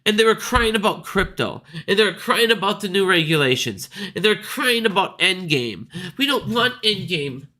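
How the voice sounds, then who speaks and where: In his own market video, a stock market host rants in a casual, blunt, profane, scornful way. He speaks with a high, animated, pushed and bright voice at a moderate pace, with few pauses.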